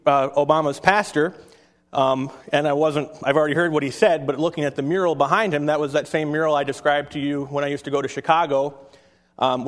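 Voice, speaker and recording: A man with a somewhat high voice delivers a sermon, moving easily between chatty asides to his congregation and solemn readings from scripture. His voice rings out with a long hall reverb, as if recorded in a church sanctuary. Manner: conversational preaching with scripture reading. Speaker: pastor.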